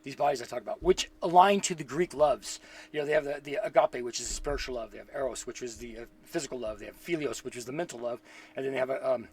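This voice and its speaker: A man's voice: medium pitch, fast talker, slightly rough. A man giving a casual spiritual talk, earnest and reflective, who rambles, thinks aloud and repeats words as he goes. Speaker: spiritual teacher.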